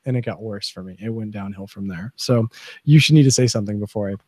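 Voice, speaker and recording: A man hosting a podcast, giving opinionated, animated commentary in casual chat. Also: fairly low pitch, fast talker, no echo. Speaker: podcast host.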